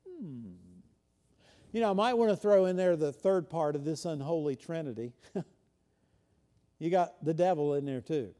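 Male preacher, high but mellow voice, chatty sermon delivery. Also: lively intonation, moderate pace, long pauses. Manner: conversational, frequent rhetorical questions, swings from loud to hushed. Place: church.

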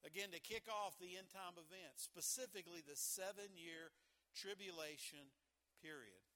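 A middle-aged male pastor preaching a sermon in a church, emphatic and folksy, swinging from loud exhortations down to near-whispers and repeating his numbered points. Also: high-pitched, moderate pace. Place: church sanctuary. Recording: long hall reverb.

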